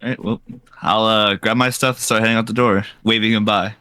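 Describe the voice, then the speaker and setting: A man's voice: on the low side, level tone, brisk, bright, forceful tone, smooth. A man playing a tabletop game, joking and slangy in casual chat. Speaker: player.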